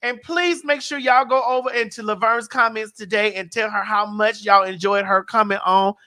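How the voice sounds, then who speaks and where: A woman's voice: mid-range voice, steady tone, normal speed, pushed and bright. A woman hosting a morning talk show, brassy and teasing, who keeps calling people honey. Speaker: host. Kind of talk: casual chat.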